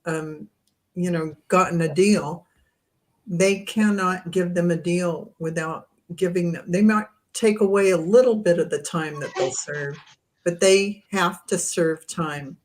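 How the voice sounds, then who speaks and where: A woman's voice: fairly low pitch, a little slow. A woman co-hosting a casual chat, chiming in with her own commentary on the news. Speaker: co-host.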